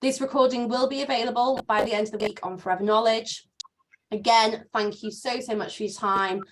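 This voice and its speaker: A woman's voice: a little high, fairly even intonation, fairly quick, slight background noise. A woman mentor leading an online training session over a video call, upbeat and motivational, often repeating words for emphasis.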